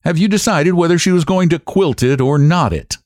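A man voicing a brisk, condescending county attorney who talks in a tolerant, offhand way. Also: a little high, a little mellow, no echo, clean studio sound, pitched above the performer's own voice, natural voice.

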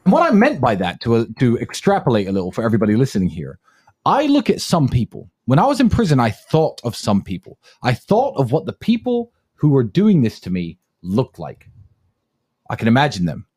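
A man's voice: mid-range voice, huge pitch swings, fairly quick, a little mellow, husky. A man in his thirties co-hosting a podcast, speaking in an emphatic, scornful way. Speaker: podcast co-host. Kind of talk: podcast monologue.

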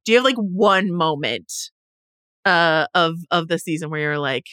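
Woman, bright clear tone, chatty, acts out little dialogues, dry recording. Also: on the low side, lively intonation, no echo. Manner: chatty, quick restarts, plays out imagined dialogue. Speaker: podcast co-host. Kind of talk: casual pop-culture chat.

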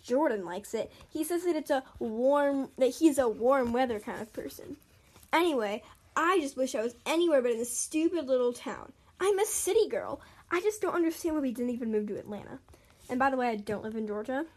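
A woman's voice: high-pitched, animated, a little fast, a little mellow. A young woman reading her own stories aloud in a chatty way, breaking off for giggly asides. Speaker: storyteller.

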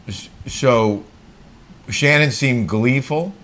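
A man's voice: medium pitch, slow, a bit bright. A man co-hosting a casual chat show, easily recapping the week's outings. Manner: easygoing, recapping events in a chatty way. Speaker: co-host.

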